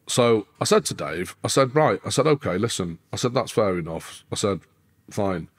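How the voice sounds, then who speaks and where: A man's voice: fairly low pitch, moderate pace. A man, a podcast guest telling a story casually, swearing constantly and acting out quoted dialogue. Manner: heavy swearing, animated retelling with quoted dialogue.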